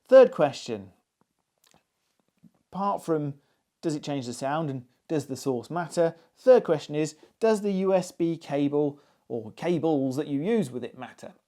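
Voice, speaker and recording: Male hi-fi reviewer, relaxed and chatty, slightly raised pitch, warm tone. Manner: chatty, musing, with frequent ums and asides. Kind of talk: casual spoken product review.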